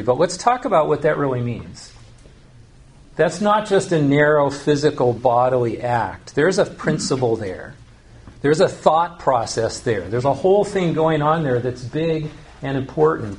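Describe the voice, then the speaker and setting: A man preaching a sermon, earnest and teaching, slowing down to stress key phrases. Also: a little high. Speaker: pastor.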